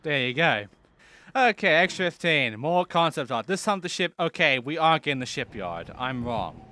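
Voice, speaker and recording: A man's voice: fairly high pitch, big pitch swings, normal speed, pushed and bright, slight background noise. A man hosting a let's play, commenting on gameplay in an offhand, profane way.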